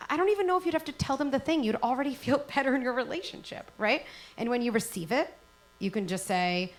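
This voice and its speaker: A woman's voice: high-pitched, fast, low-quality recording. A middle-aged woman, a parenting expert, speaking earnestly at a live event and acting out little parent-child exchanges. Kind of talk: live event talk before an audience.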